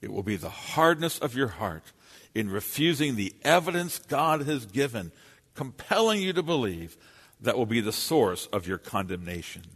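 A man's voice: mid-range voice, big pitch swings, moderate pace, fairly bright tone, breathy edge. A man preaching a sermon in an earnest, emphatic way, his voice rising and falling for emphasis. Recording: long hall reverb.

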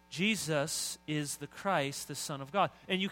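A man's voice: fairly high pitch, animated, normal speed, few pauses, sharp tone. A middle-aged man preaching a sermon as pastor, talking conversationally and rising to emphatic, building lines.

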